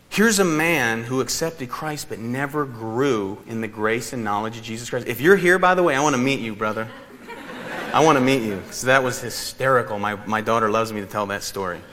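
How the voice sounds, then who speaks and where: A man preaching in a church hall, his voice bright and forward with a long reverb tail behind it. He tells stories with lively, animated energy and often laughs as he talks. Faint room ambience sits underneath. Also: mid-range voice, slight background noise. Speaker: pastor. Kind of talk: sermon with personal storytelling.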